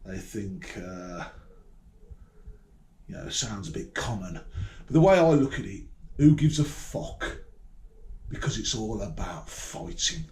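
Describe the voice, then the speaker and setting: A man's voice: fairly low pitch, big pitch swings, takes it slowly, pauses often, a little mellow. A man from Birmingham with a Birmingham accent, talking in a rambling, profane and combative monologue that repeats words and restarts often. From Birmingham, England. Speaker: vlogger. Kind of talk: casual to-camera monologue.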